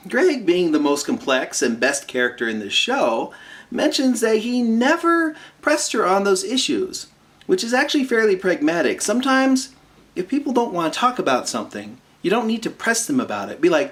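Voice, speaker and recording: This episode reviewer, a man, talks through a cartoon episode in a loose, rambling way full of fillers and side comments, now and then mimicking the characters. He sounds high-pitched and sing-song, with a slightly bright quality.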